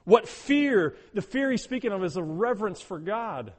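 A man preaching a sermon as pastor, talking with emphasis, repeating words, and moving between loud urging and quiet prayerful tones. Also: high voice, animated, moderate pace, big-room sound.

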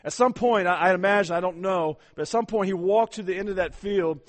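A man's voice: high-pitched, a little fast. Emphatic male pastor preaching a sermon. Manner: emphatic, urging the congregation, frequent repeated words.

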